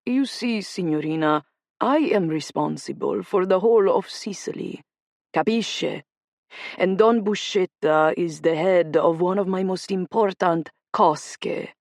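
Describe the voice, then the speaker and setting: A woman voicing an older Sicilian crime boss with an Italian accent, speaking slowly and coldly. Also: lowish voice, a little mellow, no room sound, studio quality. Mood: menacing. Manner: slow, deliberate, commanding.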